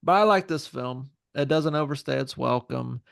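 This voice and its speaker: A man co-hosting a podcast, talking about a film in relaxed, casual chat. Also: mid-range voice, moderate pace, creaky, clear, resonant tone, no echo, studio quality. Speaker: podcast co-host.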